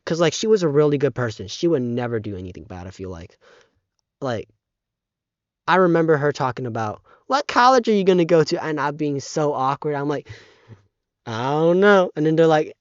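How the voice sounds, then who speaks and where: A man's voice: a little high, no echo. Teenage boy vlogging through tears. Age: teens. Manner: halting, lots of fillers and restarts. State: close to tears. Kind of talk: casual vlog monologue. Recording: dull, muffled microphone.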